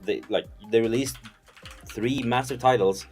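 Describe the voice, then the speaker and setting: A man's voice: mid-range voice, measured pace, darkish tone, husky, faint music behind. A man on a gaming news panel, talking casually in long rambling sentences full of fillers.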